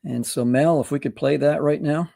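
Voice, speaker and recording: A man's voice: on the high side, fairly even intonation, moderate pace, vocal fry, dark tone, no room sound, clean studio sound. A man hosting an interview, talking in a rambling way. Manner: rambling, full of fillers and restarts. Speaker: host. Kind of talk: interview host.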